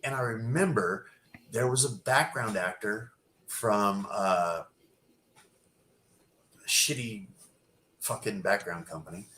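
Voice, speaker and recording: Profane, animated storytelling man. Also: on the low side, slow, pauses often, echoey room, low-quality recording. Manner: profane, animated anecdote-telling with laughs. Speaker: podcast guest, stunt man. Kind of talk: casual storytelling.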